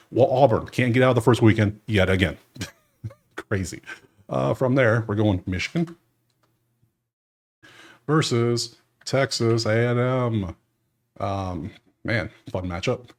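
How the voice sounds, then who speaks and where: A man hosting his sports betting channel, casually thinking aloud through his bracket picks and talking straight to the teams. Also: on the low side. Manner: animated, thinks aloud, talks to teams directly. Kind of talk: casual bracket breakdown monologue.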